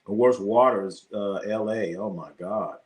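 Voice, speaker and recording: Casual, profane sports stream host. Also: male voice, fairly low pitch, normal speed, darkish tone, slight background noise. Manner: loose, profane, reacts to chat. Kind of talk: casual live-stream chat.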